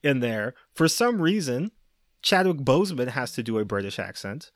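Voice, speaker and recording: A man in casual podcast chat, talking with rising energy as he builds his argument. His voice sits at an ordinary middle pitch and sounds close and dry, with no room behind it. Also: normal speed, no room sound. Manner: animated, laughing, rising pitch when worked up. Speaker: podcast host.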